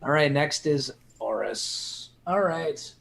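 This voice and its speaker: Laid-back game master man with lively pitch. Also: vocal fry, a little hiss or hum, rough recording. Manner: relaxed, halting with many fillers. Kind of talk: narrating a homebrew tabletop game.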